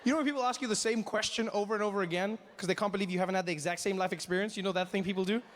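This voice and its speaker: A young man telling a stand-up story, acting out conversations in lively shifting voices. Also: sits high, racing, big-room sound. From South Africa. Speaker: stand-up comedian.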